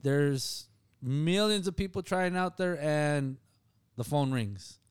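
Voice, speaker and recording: A man's voice: a little high, expressive, slow, clean tone, no echo. A man hosting a podcast, chatting casually and hyping his guest up with slang. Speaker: podcast host. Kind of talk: casual interview chat.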